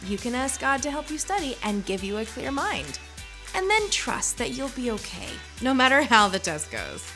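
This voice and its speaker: A woman's voice: fairly high pitch, big pitch swings, normal speed, over music. A woman presenting a children's church lesson in an upbeat, encouraging way.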